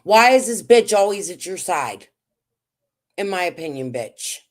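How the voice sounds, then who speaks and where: Blunt low-voiced woman streamer. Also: big pitch swings, unhurried. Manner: blunt, angry, swearing. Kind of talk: livestream commentary.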